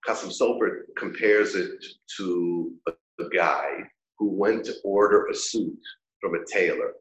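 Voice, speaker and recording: A man teaching a Torah class, an animated storyteller who acts out the characters of his parables. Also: low voice, a little slow. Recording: echoey room.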